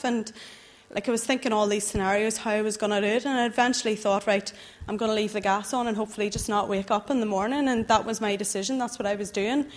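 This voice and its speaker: A young woman tells her personal testimony to a church gathering. She speaks earnestly and a little haltingly, with the weight of emotion running through her words, in a voice that sits at a middling pitch. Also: steady tone. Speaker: church member giving testimony.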